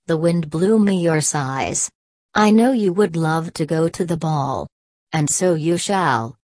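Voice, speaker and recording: A woman doing a bossy fairy godmother, brisk commands, low voice, dry close sound. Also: expressive, a little mellow, dry recording, full character voice. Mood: commanding.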